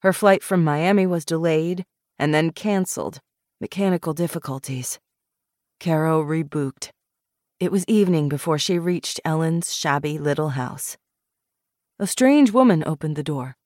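A woman narrates a novel in measured, expressive scripted narration. Her voice sits low. The recording is dry and close on a studio mic. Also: dry recording. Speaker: audiobook narrator.

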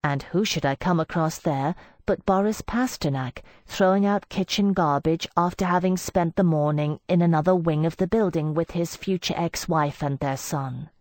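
A woman giving a measured first-person audiobook narration into a close studio mic. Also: lowish voice, a little mellow, no echo.

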